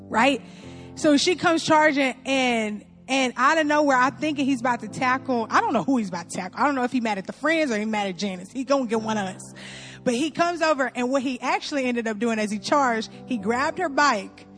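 Woman, high voice, animated comic storyteller, talks to audience as y'all, faint music behind. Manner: animated, addresses audience as y'all, laughs often.

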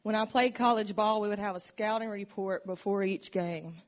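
Standing in a church sanctuary, a woman recounts her faith and struggles in an earnest, emotional personal testimony, reflective throughout. Her voice is mid-range and her pace moderate.

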